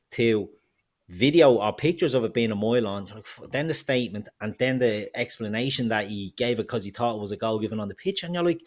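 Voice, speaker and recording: A man's voice: medium pitch, expressive, brisk. A man co-hosting a football podcast, ranting heatedly and swearing freely. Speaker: podcast co-host.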